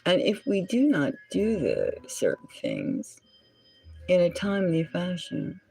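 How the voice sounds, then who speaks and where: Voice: mid-range voice, huge pitch swings, takes it slowly, creaky, mellow, husky, faint music behind, low-quality recording. A tarot reader and channel host giving a solo reading in a musing way, often dropping into a whisper and stopping to correct words.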